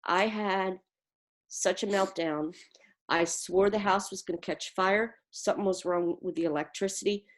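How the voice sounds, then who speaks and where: A woman's voice: mid-range voice, steady tone, normal speed. A woman giving an earnest, vivid personal account on a video call. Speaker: interviewee.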